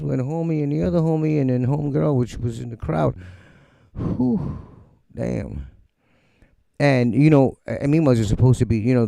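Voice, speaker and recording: Gravelly, blunt middle-aged man. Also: medium pitch, no room sound. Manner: blunt, profane, animated, mocks others in quoted voices. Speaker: musician livestream host. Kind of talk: casual live-stream rant. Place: home studio.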